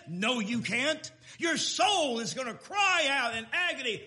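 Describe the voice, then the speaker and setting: A man preaching a sermon in a folksy, emphatic way, swinging between loud declarations and quiet asides. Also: extremely high pitch, lively intonation, unhurried, few pauses. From Texas.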